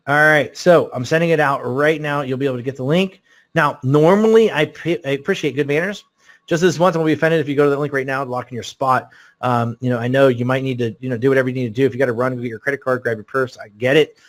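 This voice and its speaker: A man pitches to his online audience at a rapid clip, his words tumbling out in an excitable, rambling story. His pitch sits in an everyday middle range, and he pads his sentences with fillers and restarts as he pushes toward a sales link. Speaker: webinar host selling a course. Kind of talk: live sales webinar pitch.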